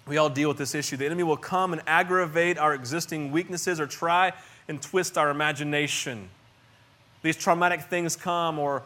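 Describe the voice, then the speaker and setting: A middle-aged man preaching a sermon in an earnest, conversational way, often restarting phrases and swinging between soft and loud. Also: fairly high pitch. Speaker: pastor.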